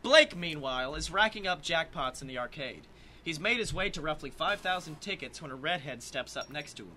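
A man reads comic fan fiction on his podcast in a theatrical, swaggering way. His voice is very bright and sits a little high. A faint hiss runs under the recording. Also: lively intonation, brisk. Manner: swaggering, theatrical narration with bursts of laughter. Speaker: podcast co-host.

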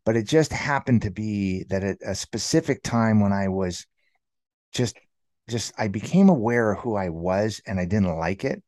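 A man in his thirties with a lowish voice, recorded dry and close. He tells his own story in a rambling way, leaning on fillers like "like" and "you know". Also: animated, normal speed, a little mellow, no room sound. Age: 30s. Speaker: interview guest. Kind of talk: candid personal storytelling.

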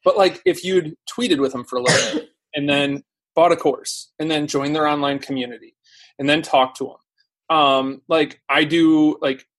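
Animated, husky-voiced man telling stories. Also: a little high. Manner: fast, animated storytelling with lots of fillers. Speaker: podcast guest, SEO teacher. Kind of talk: casual live-stream chat.

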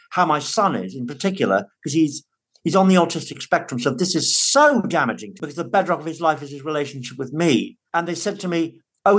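A British father appears as a podcast guest in a conversational interview, his voice on the high side and a bit bright. He's earnest and emphatic and often restarts his words.

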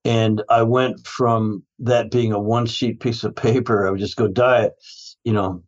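A man's voice: fairly low pitch, highs cut off. A man who is a guest in a casual interview, telling stories about his health practice in a rambling way, often restarting his sentences and laughing.

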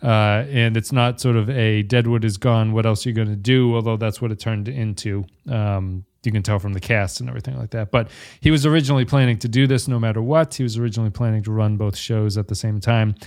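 A man's voice: fairly low pitch, steady tone, fast talker, few pauses, a little mellow. Chatty, rambling male podcast host. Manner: chatty, rambling, self-correcting. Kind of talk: casual podcast chat.

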